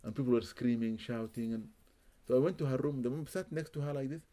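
A man's voice: mid-range voice, fast talker, mellow. A man, a Muslim spiritual healer, telling a story in an interview, with Arabic religious phrases and repeated words for emphasis.

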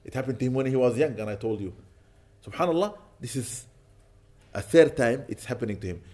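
This sheikh speaks in a mellow, mid-range voice, animated and slightly fast. He tells stories in his Islamic sermon, reciting Arabic lines before giving their translation.

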